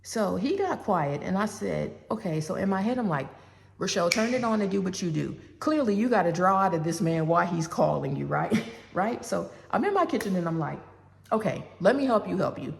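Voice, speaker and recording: A gravelly-voiced woman in her forties tells a personal story in a loose, chatty way and plays out both sides of a phone call. She turns to her listeners often. Her voice rings with a long reverb. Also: on the low side, a little fast, a little hiss or hum. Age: 40s. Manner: animated, acts out both sides of a phone call, talks straight to the audience.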